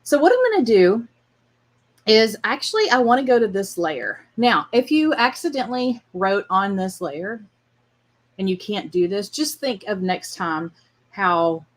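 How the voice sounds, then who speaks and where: A woman's voice: medium pitch, sing-song, unhurried. A woman hosting a casual livestream drawing lesson, chatting while she draws and laughing often. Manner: chatty and warm-hearted, laughs often, chats to her dog while drawing. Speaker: art class host.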